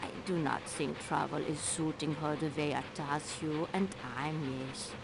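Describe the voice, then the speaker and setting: An actress playing a quiet, earnest female passenger who speaks carefully and formally. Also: sits low, steady tone, gravelly, background noise. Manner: slow, careful, formal phrasing. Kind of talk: game voice acting. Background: game music.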